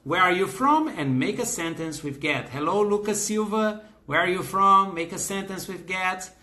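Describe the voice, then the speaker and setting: Bright-voiced Brazilian man teaching English. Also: high-pitched, moderate pace. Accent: Brazilian Portuguese. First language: Portuguese. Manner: greets viewers by name, reads out their comments, many fillers and restarts. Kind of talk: live online English class.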